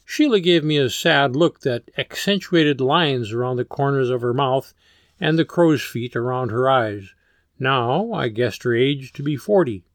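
A man narrates a first-person story in an even, mid-range voice. His delivery is measured and plain, in the manner of an audiobook. The recording is dry and close. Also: mid-range voice, dry recording.

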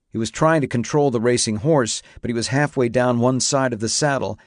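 This is scripted narration: a male audiobook narrator tells a novel in a steady, measured way. His mid-range voice comes through at studio quality, free of any room sound.

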